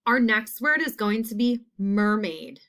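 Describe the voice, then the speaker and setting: A woman's voice: fairly high pitch, animated, unhurried, fairly bright tone. A woman teacher giving a phonics lesson who spells out each sound and repeats every word in a short model sentence. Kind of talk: slow, deliberate phonics lesson.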